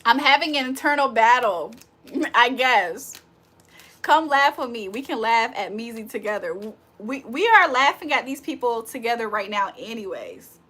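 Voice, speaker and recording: Woman livestream host, high and bright, roasts her chat, breaks into loud laughter. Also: lively intonation, moderate pace. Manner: trash-talking, laughs loudly. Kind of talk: casual live chat.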